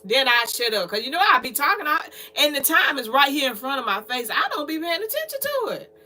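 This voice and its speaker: Animated woman preaching to her viewers. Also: high-pitched, brisk. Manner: preachy, lively, repetitive, talks straight to viewers. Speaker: livestream host. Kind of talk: casual livestream talk.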